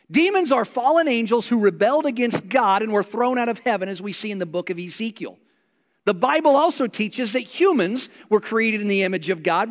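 A man preaching a sermon as a pastor, telling a Bible story with animated delivery and acting out the lines of its characters. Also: sits high. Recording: long reverb of a large hall.

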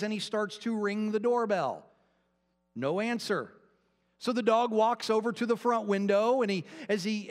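A man with a high-pitched voice preaches to his congregation in a folksy, storytelling way, with casual asides. The sound rings with a long hall reverb from the church sanctuary. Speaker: pastor. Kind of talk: sermon with opening joke.

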